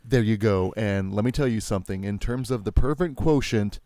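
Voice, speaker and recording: A man's voice: lowish voice, normal speed, dark tone, dry recording. Wry rambling man in movie chat. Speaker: podcast co-host. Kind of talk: casual movie commentary chat.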